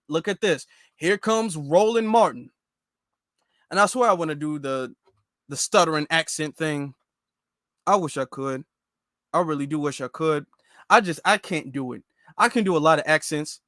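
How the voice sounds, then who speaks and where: A man's voice: high voice, a bit bright, no echo, studio quality. A man hosting a political commentary show, reacting emphatically to posts and clips and repeating his points straight to the viewers. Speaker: commentary channel host.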